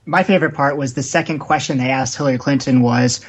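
A man's voice: mid-range voice, fast talker. A man taking part as a guest on a podcast roundtable, retelling events in a joking, emphatic way. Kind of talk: casual roundtable chat.

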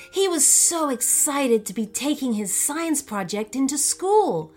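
Woman storyteller, children's book, slow pace, lively melodic voice, faint music behind. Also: a little high. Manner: expressive, unhurried.

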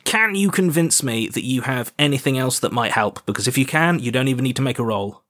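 A man's voice: mid-range voice, expressive, brisk, a bit bright. A man narrating as game master, easygoing and hesitant with frequent fillers.

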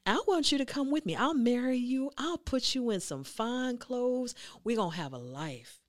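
Woman doing a smooth-talking suitor. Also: lively intonation, moderate pace, dry recording, clean studio sound, close to an everyday voice. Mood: persuasive. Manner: low, persuasive promising. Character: smooth-talking man courting a young wife.

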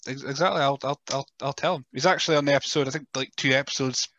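A man's voice: medium pitch, fairly even intonation, fast talker, pushed and bright, no room sound, dull audio. A man hosting a podcast, chatting casually and often stumbling into restarts. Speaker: podcast host.

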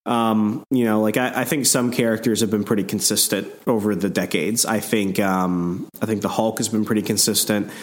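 A man co-hosting a comic book podcast, giving measured opinions in casual chat. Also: lowish voice, fairly even intonation. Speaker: podcast co-host.

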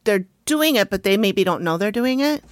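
A woman co-hosting a casual podcast, recapping a TV episode in a lively voice and laughing often. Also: mid-range voice, moderate pace, no echo. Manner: lively, laughs often, talks to her dog. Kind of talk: casual chat.

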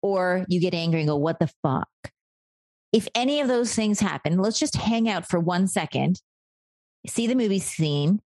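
A woman guides a coaching conversation, asking steady, probing questions. Her voice sits low and sounds dry and close, with no room echo. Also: moderate pace. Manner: calm, probing, affirming with frequent mm-hmms. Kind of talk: guiding coaching session.

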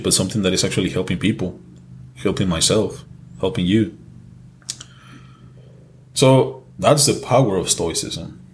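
A man's voice: low voice, slight background noise. A man with a Mexican accent, Spanish his first language, co-hosting a casual podcast in an earnest, repetitive way, swearing freely. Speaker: podcast co-host.

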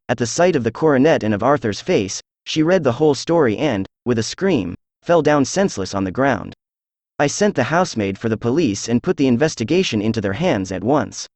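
A synthesized male voice narrating a classic audiobook in a steady, measured way. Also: medium pitch, dry recording.

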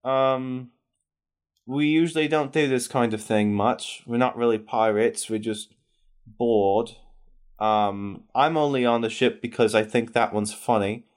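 A man's voice: medium pitch, steady tone, a little slow, lightly acted. A man voicing a laid-back young woman first mate who rambles casually. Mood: relaxed.

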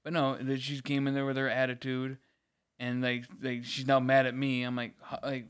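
A man's voice: mid-range voice, monotone, normal speed, clean tone. A man in casual podcast chat, ranting about a late customer and acting out both sides. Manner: ranting, repeats words, acts out quoted customers. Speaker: podcast co-host.

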